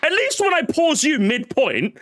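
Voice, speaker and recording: A man streaming a reaction, joking sarcastically and swinging between loud outbursts and muttered asides. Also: very high-pitched, very animated, measured pace, noisy background. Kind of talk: casual live-stream reaction.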